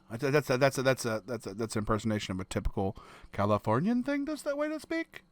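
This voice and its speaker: A man's voice: medium pitch, very animated, fast, no echo. A man with a Southern American accent reacting on his channel in casual commentary, blunt and profane, stumbling over restarts. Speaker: reaction video host.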